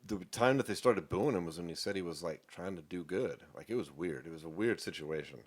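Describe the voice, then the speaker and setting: Man, very deep voice, casual sports talk, swears a lot. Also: expressive, brisk. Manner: swears freely, laid-back and talkative. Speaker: podcast co-host. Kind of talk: casual chat.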